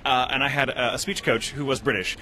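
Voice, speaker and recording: A man with a bright, forward voice talks about his voice acting and writing at a convention interview. He is animated and chatty, quick to poke fun at himself and laugh. He tosses out playful asides between his answers. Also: mid-range voice. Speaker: voice actor and writer. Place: convention venue.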